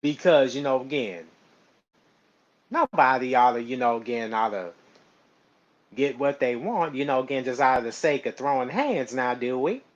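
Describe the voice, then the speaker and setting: A man's voice: mid-range voice, expressive, normal speed. A man chatting casually on a stream, rambling and laughing often. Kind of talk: casual live-stream chat. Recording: slightly dull lo-fi mic.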